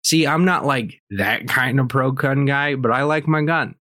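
A man's voice: mid-range voice, measured pace, pushed and bright, no echo, clean studio sound. Blunt, foul-mouthed podcast guy. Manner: blunt and profane, swears freely. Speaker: podcast host. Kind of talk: casual storytelling rant.

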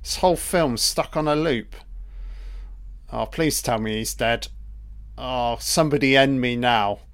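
Watching a film for the first time, a man keeps up a sarcastic solo commentary full of mockery, profanity and deadpan asides. His voice is medium in pitch, unhurried and clean-toned.

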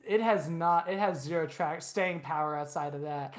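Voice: medium pitch, moderate pace. Blunt, opinionated young podcast co-host. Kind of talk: casual podcast chat.

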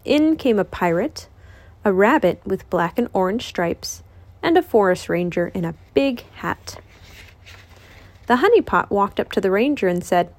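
A woman reading a children's picture book aloud as host of a reading channel, in an expressive, lilting voice. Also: medium pitch, measured pace, no echo.

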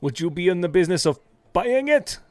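A man playing a tabletop game, playful and excitable as he speaks in character. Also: high voice, brisk, no echo. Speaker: player.

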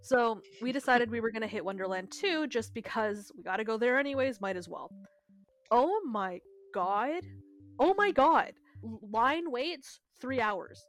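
A young woman with a fairly high voice tells a rambling story on a podcast. She talks fast and loose, swears freely and breaks into laughter between lines. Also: expressive. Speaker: podcast co-host. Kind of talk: casual storytelling chat.

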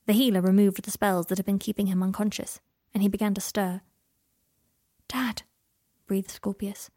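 Casting note: woman narrator, husky, calm storyteller, dry close sound. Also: medium pitch, fast talker, dry recording. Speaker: reader. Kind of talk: fan fiction narration.

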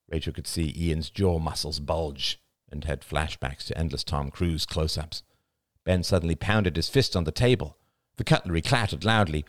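A man reading a novel aloud as an audiobook, with expressive, dramatic storytelling. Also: very deep voice, normal speed, no echo, clean studio sound. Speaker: audiobook narrator. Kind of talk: scripted audiobook narration.

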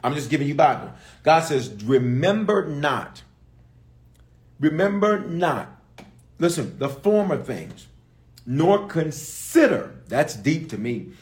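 A man's voice: fairly high pitch, a little mellow. A man preaching a livestreamed sermon as a bishop. He talks straight to his viewers and repeats phrases over and over for emphasis. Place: livestreamed service, reading viewer comments.

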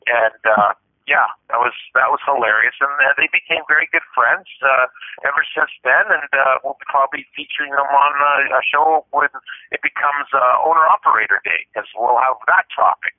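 A man hosting a casual podcast, telling an animated story and acting out the voices of the people in it. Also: mid-range voice, normal speed, dry recording. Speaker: podcast host. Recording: dry tinny phone-like sound.

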